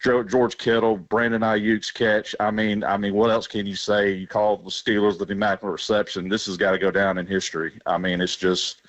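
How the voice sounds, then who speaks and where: A man from Alabama phones in to a sports radio show, his low voice flat and dull through the phone line. He rambles and chokes up with emotion, speaking from the heart. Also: fairly quick, no room sound. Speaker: radio caller.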